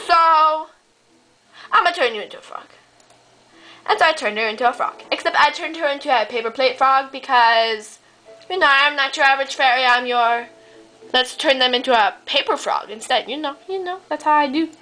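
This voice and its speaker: Bright high-voiced woman rambling a silly tale. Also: brisk, low-quality recording. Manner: rambling and deadpan, full of "you know" and "I was like". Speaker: storyteller. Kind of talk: improvised comic story narration.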